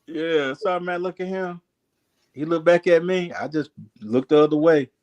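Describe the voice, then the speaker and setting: A man's voice: on the high side, moderate pace, a little mellow, dull audio. A man telling a long story in casual chat, acting out voices and laughing often.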